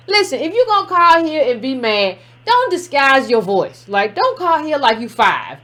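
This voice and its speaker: Woman call-in host, sassy and emphatic, high voice, very lively. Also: normal speed. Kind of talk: call-in show commentary.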